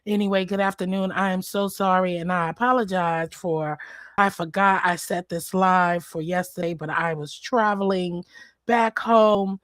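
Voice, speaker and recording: A woman hosting a casual livestream, hoarse and apologizing for her voice, greeting viewers by name in a chatty, familiar way. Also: lowish voice, steady tone, normal speed, dry recording, clean studio sound. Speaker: livestream host.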